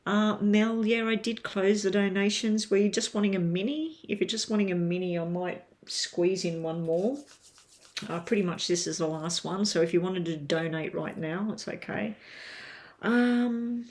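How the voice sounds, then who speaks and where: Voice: mid-range voice, normal speed. A tarot reader doing a casual live-stream reading from home, chatting straight to viewers with lots of ums.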